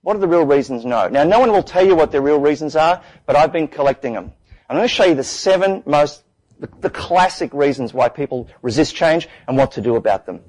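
A man speaks from a stage with a fairly high, bright-toned voice. He is animated and acts out the stock objections people raise in quick little voices. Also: poor audio. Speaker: conference speaker. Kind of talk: lively public talk.

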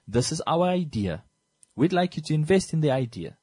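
A man's voice: medium pitch, a little fast, breathy edge, no echo, rough recording. A man from Namibia co-hosting a radio talk show, speaking with passion and emphasis. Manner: passionate, emphatic, lively delivery.

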